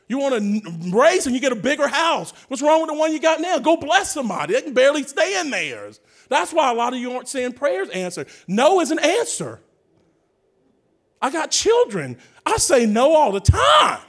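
A man preaching a sermon in a church, telling funny stories and breaking into shouts. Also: extremely high pitch. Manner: humorous storytelling, bursts into shouts. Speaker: guest preacher. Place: church with a praise band.

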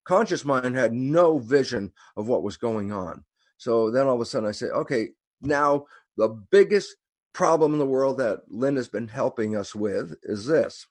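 A man talking as a guest, telling a story in an animated way and acting out the quoted lines. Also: mid-range voice, normal speed, dry recording. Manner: animated, acts out quoted dialogue. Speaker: guest speaker. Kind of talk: storytelling conversation.

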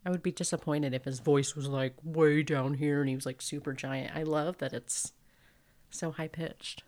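A woman's voice: extremely low pitch, steady tone, normal speed, a little mellow. A woman co-hosting a podcast, chatting casually and dropping dry, profane asides. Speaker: podcast co-host. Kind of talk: casual chat.

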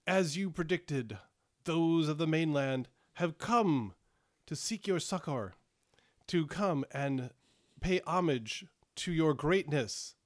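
Fawning giant court servant, formal and high-pitched, voiced by a man, dry sound. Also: lively intonation, slow, no echo. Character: obsequious male giant seneschal.

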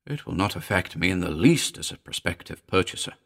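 A man voicing an eager gentleman house buyer who presses quietly and intensely for a ghost story. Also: low-pitched, animated, brisk, creaky, heavily acted. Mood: pressing.

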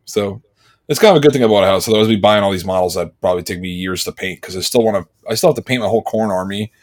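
Low-voiced man telling a rambling story. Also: very fast. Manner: rambling storyteller, animated when quoting others. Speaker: podcast co-host. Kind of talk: casual chat.

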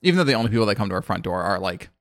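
A man's voice: on the low side, big pitch swings, racing, no echo, clean studio sound. A man from the American South casually recapping a movie as a podcast co-host, rambling and laughing often. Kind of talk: casual chat.

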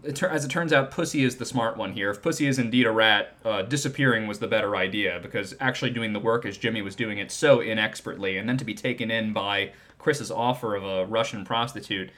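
A man's voice: lowish voice, quick pace, hardly any pauses, a bit bright. A man co-hosting a podcast, giving his opinions about a TV drama in a conversational way. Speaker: podcast co-host. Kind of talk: casual chat.

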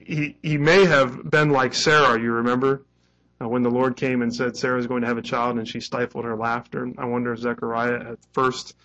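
A male pastor delivers a sermon in an easy, conversational manner. He slips into quoted lines with a bit of acting and a light chuckle, at an ordinary middle pitch. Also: a bit bright, low-quality recording.

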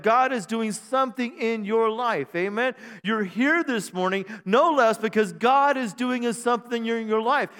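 A high-voiced male pastor preaches in a conversational, joking style, calling out to the congregation for responses. His voice rings with long reverb in the church sanctuary. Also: a bit bright, smooth. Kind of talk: sermon.

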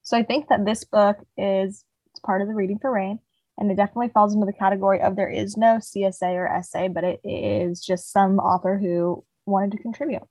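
A woman's voice: mid-range voice, steady tone, a little fast, darkish tone, no room sound, poor audio. A young woman co-hosting a podcast, casually retelling a book's plot with lots of "like" fillers. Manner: rambling retelling, heavy "like" fillers. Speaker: podcast co-host. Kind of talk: casual book chat.

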